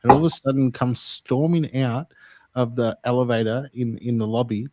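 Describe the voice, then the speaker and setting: A man with an Australian accent hosting a podcast, measured and storytelling as he steers the conversation. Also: mid-range voice, fairly even intonation, darkish tone, no echo. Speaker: podcast host. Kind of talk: casual chat.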